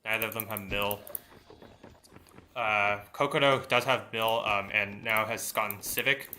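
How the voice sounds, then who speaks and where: A man commentates a strategy game, musing aloud with frequent ums and restarts. His voice sits fairly low yet sounds very bright and forceful. Faint keyboard clicking runs underneath. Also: steady tone, a little slow, slight background noise. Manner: thinking aloud with many fillers. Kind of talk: esports commentary.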